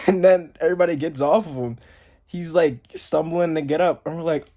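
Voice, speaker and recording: A man's voice: a little high, fairly even intonation, brisk, a little mellow. Rambling young man telling a story. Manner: rambling, heavy use of "like". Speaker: storytime vlogger. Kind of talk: casual storytelling.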